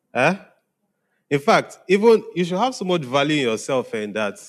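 A man, a pastor preaching to young people in a conversational way, often checking if they follow. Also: mid-range voice. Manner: conversational preaching, often asking "are we together?". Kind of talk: sermon to young congregation.

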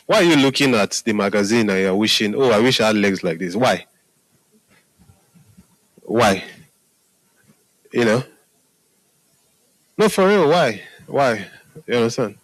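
A man's voice: fairly low pitch, moderate pace, long pauses, no echo, rough recording. A man preaching a sermon in a conversational way, often asking his listeners if they are following. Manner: conversational, repeats "Hallelujah" and "are we together?" to the audience.

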